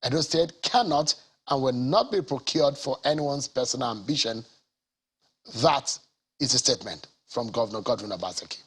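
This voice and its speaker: A Nigerian man presenting a political news show, reading a statement aloud in a measured, deliberate way. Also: medium pitch, lively intonation, fairly bright tone, breathy edge.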